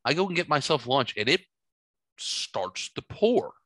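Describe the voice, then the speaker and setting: A middle-aged man with a bright, forward voice tells a rambling story full of swearing. He talks animatedly in a casual podcast chat, and the sound is close and dry. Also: mid-range voice, very animated, measured pace, no echo. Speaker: podcast host. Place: home studio.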